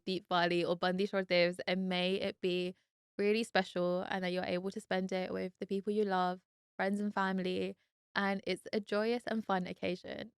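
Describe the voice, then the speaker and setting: A woman's voice: lowish voice, vocal fry, a bit bright, smooth, dry recording, clean studio sound. A young British woman from the UK hosting a casual solo podcast, chatty and heartfelt, often saying "like". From United Kingdom. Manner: chatty and heartfelt, lots of "like" fillers. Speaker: podcast host.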